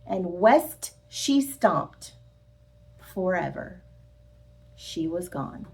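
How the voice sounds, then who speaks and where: A woman reading a picture book aloud to children, expressive and sing-song, speaking to her young listeners directly. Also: mid-range voice, drawn-out words, pauses often. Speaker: storyteller.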